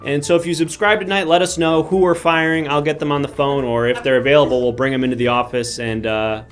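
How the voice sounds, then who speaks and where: A man's voice: medium pitch, steady tone, fast, faint music behind, natural voice. A man playing a rambling male corporate hiring manager in improvised live comedy, chatty and often restarting his sentences. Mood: chummy. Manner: chatty, rambling, self-interrupting. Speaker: comedy character host.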